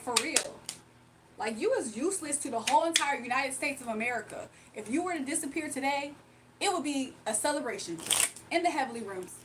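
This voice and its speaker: A woman's voice: high-pitched, recorded from a distance, background noise. A woman livestreaming a card reading, ranting bluntly to her chat with repetitive rhetorical questions. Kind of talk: heated livestream rant to chat.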